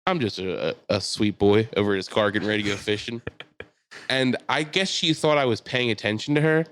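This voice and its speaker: A man's voice: fairly low pitch, a little fast, fairly bright tone. A man hosting a podcast, telling a story casually and laughing as he goes. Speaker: podcast host.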